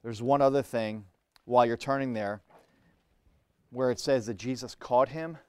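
A man's voice: medium pitch, steady tone, moderate pace, a little mellow, clean tone, no echo. A man preaching a sermon in an earnest, conversational way, often restarting phrases and adding "you know".

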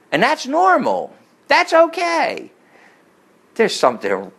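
A middle-aged man delivers a sermon packed with personal stories, heard on a rough recording. He speaks emphatically, climbing to forceful peaks and then dropping into low asides.

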